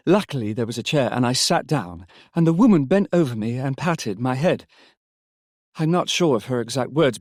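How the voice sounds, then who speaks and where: A man's voice: on the high side, no echo, clean studio sound, voice pushed up, close to an everyday voice. A man voicing a grieving young wife who is now overjoyed and urgent, speaking breathlessly and with emphasis. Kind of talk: audiobook character reading.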